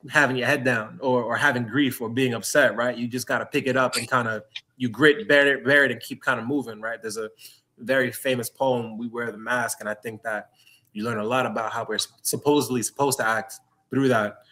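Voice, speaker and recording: A man's voice: mid-range voice, sharp tone. A middle-aged man from New York City, a guest speaking candidly and reflectively, often restarting his phrases. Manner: earnest, reflective, halting restarts. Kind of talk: candid conversational interview.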